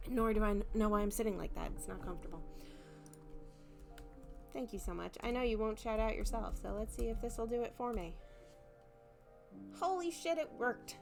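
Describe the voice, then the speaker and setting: A woman's voice: on the high side, lively intonation, moderate pace, creaky, pauses often. Young woman, casual streamer chat, repeats herself, light music behind. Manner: chatty, self-mocking, repeats phrases, swears casually. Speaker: art streamer. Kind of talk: casual live-stream chat while painting. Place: home living room. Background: soft music playing.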